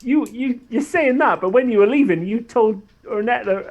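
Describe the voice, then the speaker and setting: A man's voice: extremely high pitch, normal speed, a little mellow. A man playing in a tabletop game who chats playfully with the group. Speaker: player. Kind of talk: casual tabletop chat.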